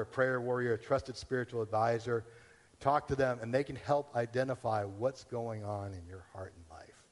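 A man's voice: mid-range voice, big-room sound. A man pastor giving a conversational sermon, acting out the questions people ask themselves. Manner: conversational preaching with acted-out inner questions.

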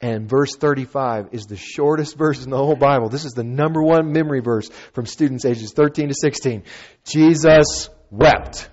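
A man preaching a sermon as a pastor, conversational and animated, with playful asides and acted-out quotes. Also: medium pitch, brisk, hardly any pauses, lo-fi sound.

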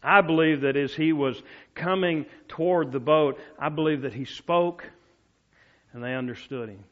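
A male preacher delivering a storytelling sermon, dropping to soft, low tones for quoted words. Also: normal speed, highs cut off.

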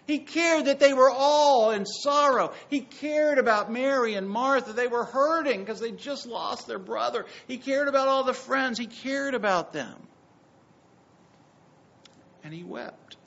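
A man preaching a sermon, emphatic and swinging between loud passages and soft ones. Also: very high-pitched, a little slow, gravelly, dull audio. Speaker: pastor.

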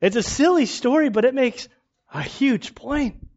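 A male pastor preaching in a casual, storytelling way, animated and self-mocking, often laughing. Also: very high voice, unhurried. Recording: dull lo-fi recording.

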